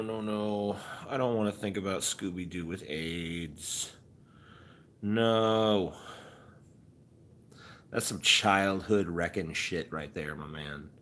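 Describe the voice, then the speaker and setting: A man streaming casually, rambling with profane, deadpan musings. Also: low-pitched, a little hiss or hum. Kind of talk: casual chat.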